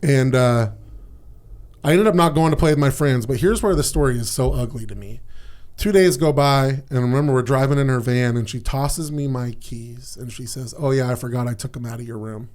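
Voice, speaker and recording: A man's voice: mid-range voice, normal speed, a little mellow. A man, the podcast guest, telling personal stories in a casual, candid way, swearing and dropping "man" and "dude".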